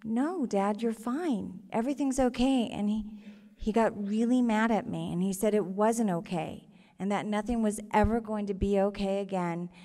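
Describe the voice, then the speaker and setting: A woman telling her own story live on stage before an audience, earnest and halting, with emotion in her voice. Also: medium pitch, steady tone, mellow, long reverb tail.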